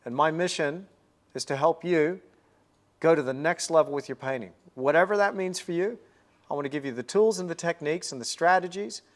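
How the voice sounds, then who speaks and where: A man hosting a live painting stream, chatting in an upbeat way and thinking aloud as he works at the easel. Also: fairly high pitch. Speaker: painting livestream host. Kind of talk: live painting demonstration chat.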